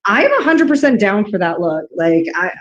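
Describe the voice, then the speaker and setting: A woman co-hosts an interview over a video call. She asks curious, friendly questions in a relaxed, chatty way. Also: mid-range voice, a little fast, muffled recording. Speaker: co-host. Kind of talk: casual interview chat.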